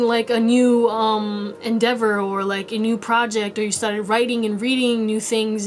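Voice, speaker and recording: A woman's voice: on the high side, a little hiss or hum. A young woman giving a casual pick-a-card tarot reading, chatty and rambling, with playful asides. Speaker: tarot reader.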